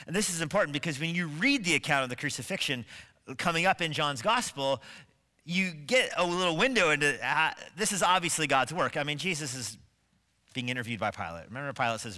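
Emphatic pastor with a bright voice. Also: male voice, fairly high pitch, lively intonation, fairly quick, in a large hall. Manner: emphatic, building to forceful stresses; asks rhetorical questions of the congregation. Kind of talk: sermon. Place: church sanctuary.

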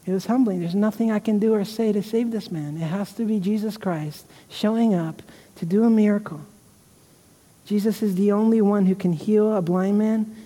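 High-voiced preaching man in a reverberant church. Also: mellow. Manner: earnest, emotional preaching with repeated restarts. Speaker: pastor. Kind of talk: sermon. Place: church sanctuary.

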